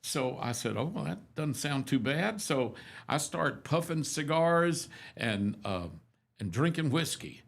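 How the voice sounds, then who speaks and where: A man's voice: on the high side, animated, measured pace, creaky. A man in his seventies, a radio host, telling rambling, self-deprecating stories in a casual, folksy chat. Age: 70s.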